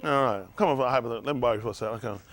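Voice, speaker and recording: A man pastor preaching a sermon, animated and acting out voices. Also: mid-range voice, very fast. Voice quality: animated preaching with acted-out voices, laughing and shouting at times.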